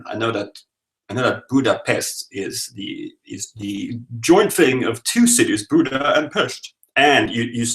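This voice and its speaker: A man's voice: fairly low pitch, a bit bright. A man from Sweden in his thirties, hosting a live stream from home and chatting jokily with viewers as he reads their comments. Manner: chatty, jokey, rambling. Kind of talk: casual chat reading viewer comments. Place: home room.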